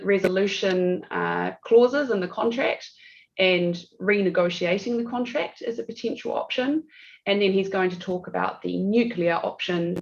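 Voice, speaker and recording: A woman's voice: mid-range voice, gravelly. A woman with a New Zealand accent presenting a legal webinar in a chatty, self-deprecating way with frequent fillers, over a video call. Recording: dull lo-fi video call audio.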